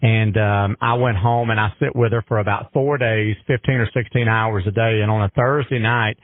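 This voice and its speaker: A man's voice: on the low side, fairly even intonation, moderate pace, no echo. A man speaking earnestly and emphatically in a heartfelt radio conversation, with a folksy way of talking. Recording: dry tinny phone-line radio.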